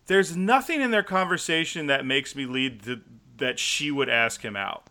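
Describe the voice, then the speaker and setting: A man's voice: mid-range voice, lively intonation, normal speed, sharp tone. A young man co-hosting a podcast, chatting casually in a rambling way full of fillers. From United States. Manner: rambling, filler-heavy storytelling. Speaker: podcast co-host. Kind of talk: casual chat.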